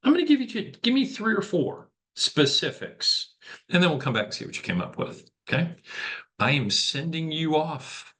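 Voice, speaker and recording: A man's voice: fairly high pitch, sing-song, normal speed, fairly bright tone. Man leading an online leadership workshop. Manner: conversational, checks in with frequent "okay?". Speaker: workshop facilitator. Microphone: video call.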